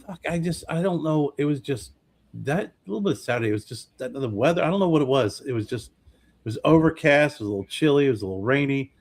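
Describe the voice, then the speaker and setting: Relaxed rambling man on a podcast. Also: mid-range voice, quick pace. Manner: relaxed, rambling, swears casually. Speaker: podcast co-host. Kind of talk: casual chat.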